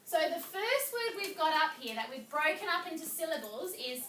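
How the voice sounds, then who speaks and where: A woman teaching a reading lesson in a classroom, speaking slowly and clearly and drawing out words as she claps their syllables. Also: extremely high pitch, big pitch swings, a bit bright, distant mic. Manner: slow, clear, drawn-out words clapped in syllables. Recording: echoey classroom recorded from afar, with noise.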